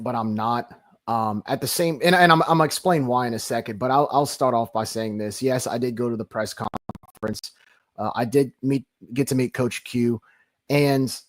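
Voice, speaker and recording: A man co-hosting a sports podcast, talking in a rambling, animated way with many restarts. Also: medium pitch. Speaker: podcast co-host. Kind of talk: casual sports talk.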